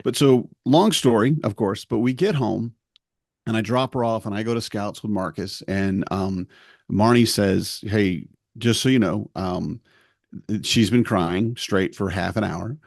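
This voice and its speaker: Gravelly low-voiced dad telling stories. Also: male voice, measured pace, darkish tone, no echo, studio quality. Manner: rambling storyteller, acts out family dialogue. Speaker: podcast co-host. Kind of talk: casual chat.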